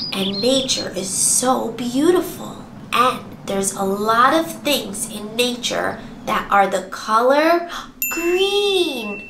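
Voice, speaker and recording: A woman hosting a toddler circle-time lesson, speaking in an animated sing-song way with gasps and bits of song. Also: on the high side. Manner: animated, exaggerated, gasping and singing. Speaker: preschool circle-time teacher. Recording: roomy sound with music behind.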